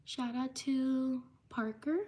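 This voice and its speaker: A woman hosting a live stream, reading out viewers' names one by one in a slow, repetitive way. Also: high voice, fairly even intonation, warm tone. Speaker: livestream host.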